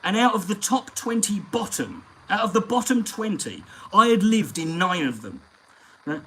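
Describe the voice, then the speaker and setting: A man's voice: sits high, sing-song, normal speed, fairly bright tone, rough recording. A man hosting a live stream, telling long, profane, rambling stories in casual chat.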